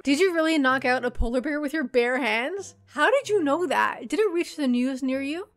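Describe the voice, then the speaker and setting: A woman's voice: sits high, normal speed. A Canadian woman in her twenties, a YouTuber bluntly answering viewer questions with lots of swearing and jokes. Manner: blunt, profane and joking.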